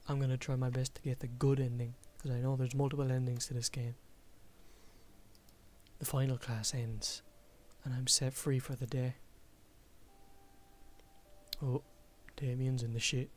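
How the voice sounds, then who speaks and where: A man's voice: medium pitch, little pitch movement, measured pace, pauses often, a little mellow. A man reading a visual novel aloud and commenting, self-deprecating and often restarting words. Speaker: game streamer.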